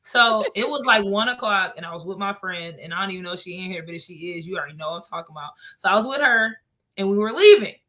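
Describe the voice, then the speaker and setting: A woman telling stories in a casual chat. She is animated, laughs often and swears freely. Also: mid-range voice, fast.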